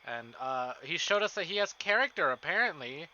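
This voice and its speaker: A man streaming a visual novel, chatting casually with his chat, excitable and swearing often. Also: on the high side, a little fast, lo-fi sound. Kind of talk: casual live-stream chat and game reading.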